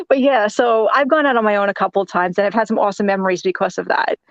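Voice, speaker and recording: Woman guest, lively storyteller who acts out quotes, on a muffled, dry recording. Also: medium pitch, quick pace, dry recording. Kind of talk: casual storytelling. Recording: dull, dry audio.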